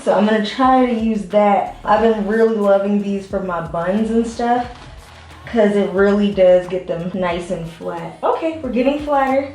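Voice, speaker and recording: A woman's voice: mid-range voice, a little mellow. A young woman chatting casually to her viewers while doing her hair, a little out of breath, with laughing asides. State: a bit out of breath from styling. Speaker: beauty vlogger. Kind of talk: casual hair vlog talking to camera. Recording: roomy echo.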